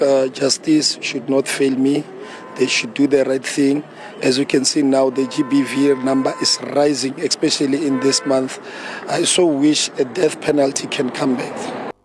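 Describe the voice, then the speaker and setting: A grieving father speaking calmly and measuredly in an interview, with hesitations. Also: medium pitch, moderate pace, noisy background. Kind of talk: interview clip.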